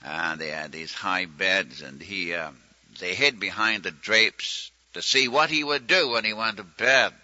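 Older male preacher, folksy storyteller, low-ish voice, dry lo-fi sound. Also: unhurried, sharp tone, dry recording. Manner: folksy storytelling, acts out quoted prayers. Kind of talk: sermon teaching. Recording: muffled lo-fi recording.

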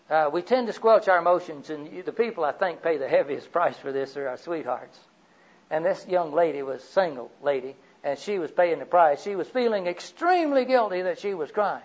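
A man preaching a sermon, telling personal stories and asking the audience questions. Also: on the high side. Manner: storytelling, rhetorical questions to the audience. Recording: dull lo-fi recording.

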